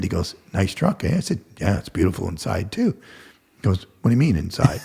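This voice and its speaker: A man's voice: fairly low pitch, very animated, normal speed, gravelly, darkish tone, breathy edge. An older man, a guest telling stories casually and acting out the dialogue, swearing freely. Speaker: guest contractor. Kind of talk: casual storytelling.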